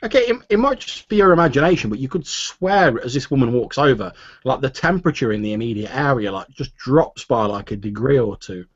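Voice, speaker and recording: A man runs a tabletop game, narrating in a loose, rambling way full of "like" and "sort of". His voice sits at a middling pitch. The recording sounds dull and lo-fi. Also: animated, fairly quick, no room sound. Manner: rambling, filler-heavy narration. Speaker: game master.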